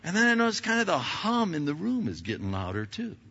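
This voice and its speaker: Halting, bright-voiced man preaching. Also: sits high, muffled recording. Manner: halting, repeats words, animated storyteller. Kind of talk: sermon storytelling.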